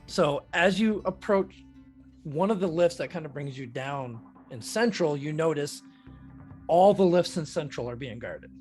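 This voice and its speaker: A man narrating a tabletop game as dungeon master, describing scenes in a steady, measured way. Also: on the high side, soft background music.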